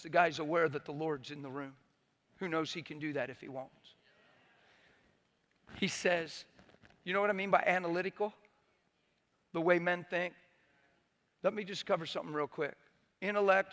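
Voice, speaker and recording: A man's voice: high-pitched, fairly even intonation, moderate pace, long pauses, a bit bright. A man pastor preaching a sermon, telling a story with emphasis and acting out the people in it.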